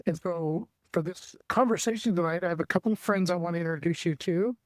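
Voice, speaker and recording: A man with a high voice talks quickly, recorded dry, as he hosts a church family talk show. He introduces his guests in a loose, friendly way.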